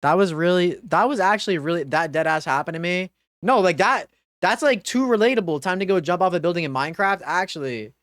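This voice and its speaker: A woman's voice: on the low side, brisk, no echo, clean studio sound. A woman streamer giving live gaming commentary, reading dialogue choices aloud and swearing in dismay.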